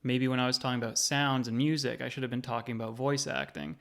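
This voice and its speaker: Man in his thirties, mid-pitched, hosting a gaming video essay with easy, wry narration. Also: level tone, fast, gravelly, a bit bright.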